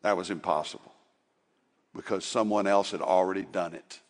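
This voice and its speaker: A man preaching a sermon, swinging from loud, urgent exhortation to soft, hushed passages. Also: low-pitched, steady tone, moderate pace. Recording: long hall reverb.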